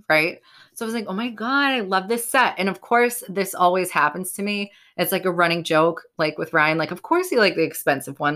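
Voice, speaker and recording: A young woman vlogger in casual chat, rambling with lots of fillers, swearing freely and quoting conversations animatedly. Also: on the low side. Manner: animated quoting of herself and others.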